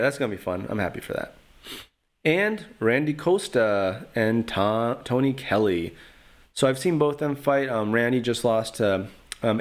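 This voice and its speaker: A man hosting his own podcast, talking casually and rambling, with a trash-talking streak. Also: lowish voice. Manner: rambling, trash-talking, lots of fillers like "you know". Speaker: podcast host. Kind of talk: casual solo podcast commentary.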